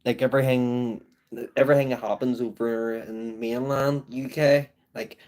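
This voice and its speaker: A man's voice: mid-range voice, fairly even intonation, normal speed, a little mellow. A man with a Belfast accent hosting a casual live-stream chat from home, rambling along with tags like "so it is". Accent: Belfast, Northern Irish. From Northern Ireland. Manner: rambling and chatty, with tag phrases like "so it is". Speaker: livestream host.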